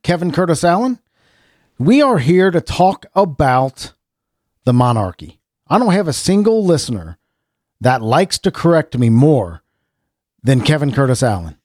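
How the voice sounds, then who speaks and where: A man's voice: medium pitch, a little mellow, no echo, clean studio sound. A middle-aged American man hosting a casual podcast chat, rambling and restarting his sentences with the odd chuckle. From United States. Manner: rambling, self-interrupting, chuckling. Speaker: podcast host.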